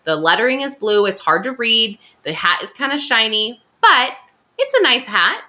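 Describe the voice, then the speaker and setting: Podcast co-host, woman, light Valley Girl accent, bright tone, very animated pitch, chatty. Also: moderate pace. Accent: Californian Valley Girl. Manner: chatty, peppered with "like", giggly. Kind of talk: casual chat and ad read.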